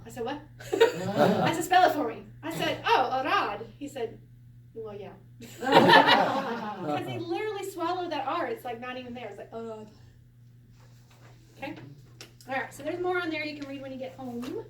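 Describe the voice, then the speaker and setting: A high-pitched woman runs a relaxed Hebrew class, chatty and quick to laugh. She is heard from a distance in an echoey room, with a faint hiss underneath. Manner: chatty, laughs often, animated storytelling. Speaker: Hebrew teacher. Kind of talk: casual classroom lesson.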